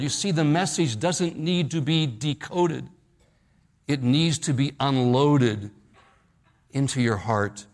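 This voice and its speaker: A middle-aged male pastor preaching an evening church sermon, slowing down and dropping low on the key phrases. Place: church service at night.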